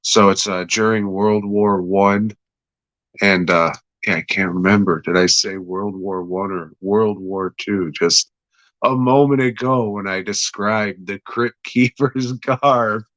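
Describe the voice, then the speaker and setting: A man's voice: fairly low pitch, fairly even intonation, slow pace, fairly bright tone, dry recording. A man casually recapping a horror episode, swearing freely, chuckling and correcting himself as he goes. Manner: profane, offhand, self-correcting, chuckling. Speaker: horror show reviewer.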